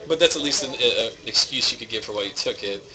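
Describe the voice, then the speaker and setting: A man's voice: mid-range voice, quick pace, a crowd in the background, low-quality recording. A young man from West Virginia with a West Virginian accent, commentating a card tournament in easygoing, dry casual chat.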